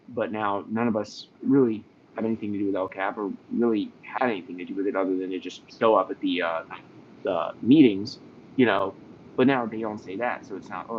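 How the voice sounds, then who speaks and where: A man's voice: fairly low pitch, dull audio, a little hiss or hum. A man speaking as a guest in a live audio chat, aggrieved and hesitant. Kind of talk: casual chat.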